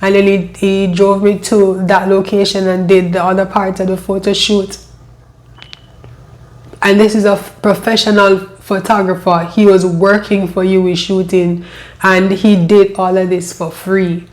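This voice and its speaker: A woman telling her own life story, emotional and halting, often repeating her phrases. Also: mid-range voice, little pitch movement. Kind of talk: personal storytelling.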